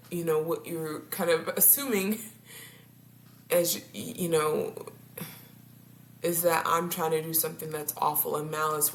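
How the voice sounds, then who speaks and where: Chatty woman therapist in a roomy space. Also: low-pitched. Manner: chatty, speaks directly to viewers, laughs often, trips over words. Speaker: couples therapist. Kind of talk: casual talk to camera. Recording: roomy echo, faint background hum.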